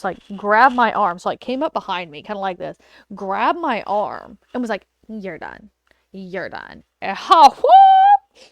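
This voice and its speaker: A woman hosting a laid-back podcast from home, talking casually and animatedly as she tells a story or answers a question. Her voice sits at an ordinary middle pitch and sounds dry and close to the mic, with no room echo. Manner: animated, chatty, lots of fillers and quoted dialogue. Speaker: podcast host, wedding photographer.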